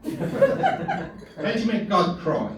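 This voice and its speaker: A man's voice: high voice, wildly swooping pitch, drawn-out words. A man with a Birmingham accent doing a stand-up set, cheeky and laughing at his own jokes. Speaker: stand-up comedian. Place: small pub comedy room. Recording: echoey room from far off, noisy.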